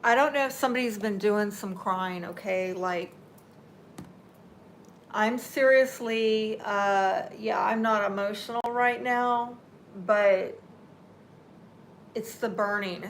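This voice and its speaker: Slow, soothing woman reading tarot. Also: medium pitch, slight background noise. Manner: unhurried, reassuring, speaks straight to the viewer. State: teary-eyed. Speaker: tarot reader.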